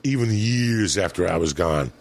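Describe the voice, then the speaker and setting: Middle-aged male comic, low and rough, swears freely and acts out everyone in his stories. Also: normal speed, slight background noise. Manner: profane, animated storyteller doing voices. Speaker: comedian. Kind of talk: storytelling on a podcast.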